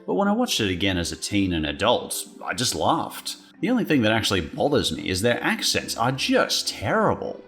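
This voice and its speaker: A man's voice: lowish voice, huge pitch swings, moderate pace, few pauses, a bit bright, soft background music. An Australian man narrating a scripted video with wry, playful asides. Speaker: guest commentator.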